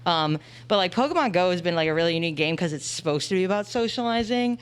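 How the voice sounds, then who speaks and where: A woman's voice: fairly low pitch, expressive, fast talker, clear, resonant tone. A young woman at a convention panel, chatting casually into a handheld mic and filling her story with "like". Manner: chatty, heavy use of "like". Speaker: audience member at a panel.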